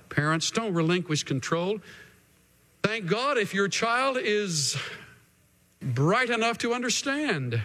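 A man's voice: on the high side, a bit bright, in a large hall. A man preaching a sermon as a pastor, earnest and emphatic, repeating his key lines for weight.

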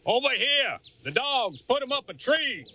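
A man acting as a suspicious, stubborn backwoods dog handler who barks orders in rough rural grammar in a radio drama. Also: very high voice, very animated, a little slow, bright, forceful tone, slight background noise, heavily acted.

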